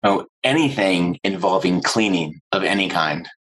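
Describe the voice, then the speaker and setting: A man's voice: deep voice, animated, normal speed, a bit bright, low-quality recording. A man in his forties, a guest on a podcast, chatting with enthusiasm and acting out what people said. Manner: enthusiastic storyteller, acting out quotes. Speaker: agency owner, guest. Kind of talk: interview conversation.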